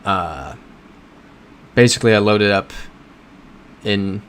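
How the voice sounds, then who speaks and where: A man's voice: sits low, fairly bright tone, slight background noise. A man hosting a casual livestream while playing a geography game, talking in a rambling, self-correcting way and answering chat. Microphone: desk microphone.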